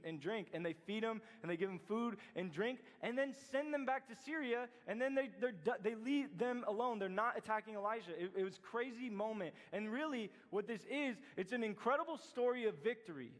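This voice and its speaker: Man, youth pastor, high voice, casual storytelling sermon, long echo of a church hall. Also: moderate pace, a bit bright. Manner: chatty, filler-heavy retelling with acted quotes. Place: church sanctuary.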